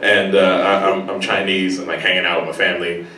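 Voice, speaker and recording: A man doing a stand-up set in a comedy club, talking casually and acting out people in sudden high squeals. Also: little pitch movement, a little fast, pushed and bright, slight background noise. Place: comedy club stage before a laughing crowd. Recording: roomy live club sound from a distance.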